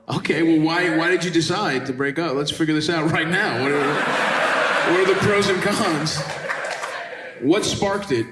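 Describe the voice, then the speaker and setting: A man doing stand-up crowd work, teasing the audience in a brash, profane way. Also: fairly high pitch. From United States. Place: comedy club stage with audience. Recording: echoey club with loud crowd noise. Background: audience laughter.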